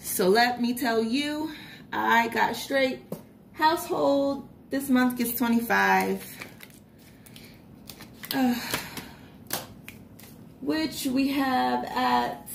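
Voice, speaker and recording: A young woman chatting casually while budgeting, telling a story with lively retold reactions. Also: sits high, drawn-out words, gravelly, pauses often, a little hiss or hum. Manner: chatty storytelling, animated retellings. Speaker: vlogger.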